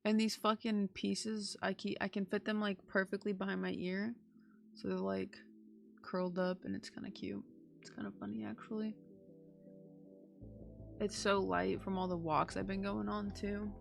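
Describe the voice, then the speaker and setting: A woman streamer chatting casually to her viewers, gushing and excitable. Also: medium pitch, moderate pace, vocal fry, faint music behind. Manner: gushing and excitable, talks to chat. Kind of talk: casual live-stream chat.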